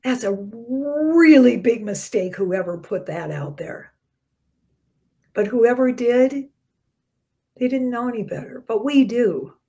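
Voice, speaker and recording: A woman minister giving a short spiritual talk in a conversational preaching manner, with soft dropped endings and sudden bursts of emphasis. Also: on the high side, animated, slow pace, long pauses.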